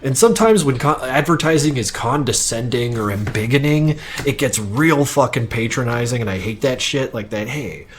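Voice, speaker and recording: Young man, livestream chatter, rambling, profane, self-mocking, medium pitch, faint desk noise. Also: animated, normal speed, hardly any pauses. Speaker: streamer animating on stream. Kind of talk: casual livestream chat.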